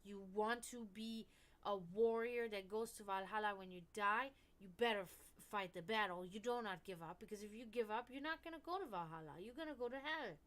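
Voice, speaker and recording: A woman hosting a stream and chatting casually and frankly, swearing often and rambling with many restarts, dropping to murmurs and then rising to loud outbursts. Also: mid-range voice, brisk. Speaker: stream host. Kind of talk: casual esoteric chat.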